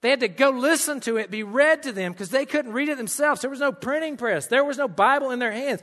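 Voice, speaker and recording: A man's voice: extremely high pitch, a little fast, a bit bright, in a large hall. A man with an American country accent preaching a sermon in a church, emphatic with folksy humorous asides. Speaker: pastor.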